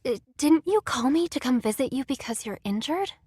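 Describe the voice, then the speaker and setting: A woman reading aloud as a worried young heroine in a romance game, in a slow, soft, concerned way. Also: high voice, animated, husky, no echo, studio quality.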